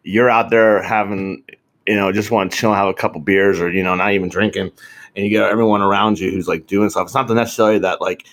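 A man's voice: lowish voice, steady tone, quick pace, fairly bright tone. Casual male podcast co-host, rambling storyteller, profane, laughs often. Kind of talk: casual chat.

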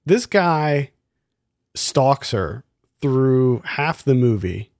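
A man's voice: medium pitch, expressive, extremely slow, a little mellow, dry recording. A man in a casual film review chat, critical and exasperated, firing off rhetorical questions.

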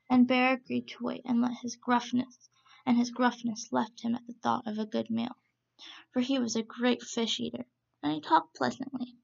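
Reading a children's story aloud, a woman narrates steadily and in a measured way. Her fairly high voice carries a heavy gravelly crackle, and the recording is muffled and lo-fi.

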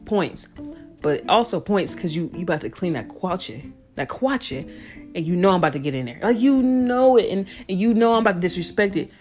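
Young woman podcast host, low voice, slangy, animated solo chat, faint guitar bed. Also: moderate pace. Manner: loose, slangy and animated, breaks into playful impressions.

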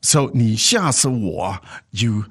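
Animated man teaching a language. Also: on the low side, slow pace, slightly rough. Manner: animated, acts out dialogue lines. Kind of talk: casual language lesson chat.

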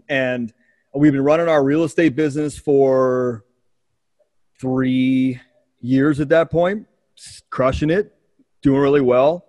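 A man's voice: medium pitch, steady tone, takes it slowly, pauses often, a little mellow. A man hosting a podcast, telling a candid, emotional personal story in casual speech with frequent swearing. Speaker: podcast host.

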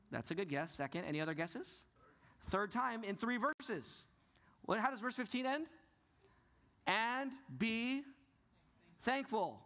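A man's voice: high voice, a bit bright. A middle-aged male pastor giving a sermon, earnest, often putting questions to the congregation and answering them himself.

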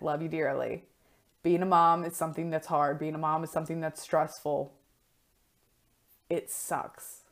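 A woman in her thirties, a life coach, talking casually in a blunt, frank way and swearing freely. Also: low voice. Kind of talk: casual solo talk.

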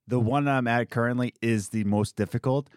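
A man's voice: medium pitch, fairly even intonation, moderate pace, smooth, no echo, studio quality. A young man, a coffee shop worker, venting in casual chat, rambling and exasperated, mocking the people he quotes.

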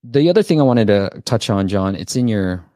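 Upbeat dude hosting a live stream, lowish voice, dry close sound. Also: male voice, expressive, normal speed, mellow, no room sound. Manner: upbeat, reads out viewer comments. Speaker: host. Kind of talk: casual live interview.

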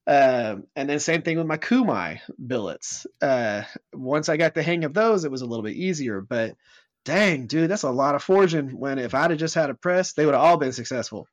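A man's voice: fairly high pitch, expressive, moderate pace. A man with a Southern US accent, a guest knife maker in casual chat, chatty and self-deprecating.

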